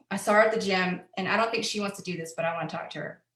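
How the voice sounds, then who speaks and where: A woman's voice: medium pitch, quick pace, a bit bright. Woman showing her team how to leave a voicemail, nervous but pumped, roomy echo. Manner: chatty, openly nervous but upbeat. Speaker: sales team presenter. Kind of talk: demonstrating a voicemail invite.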